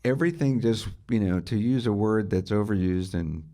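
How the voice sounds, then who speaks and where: A middle-aged guitarist and music writer, appearing as an interview guest, tells enthusiastic anecdotes and asks rhetorical questions in a conversational storytelling style. His voice is mellow and on the low side, at normal speed.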